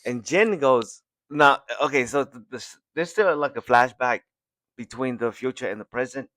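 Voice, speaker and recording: A male podcast host talks through a story recap in a loose, rambling way, restarting sentences and chuckling often. His voice sits at an ordinary middle pitch. He is recorded on a close mic in a dry space with almost no reverb. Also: moderate pace, fairly bright tone. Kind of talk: casual chapter recap.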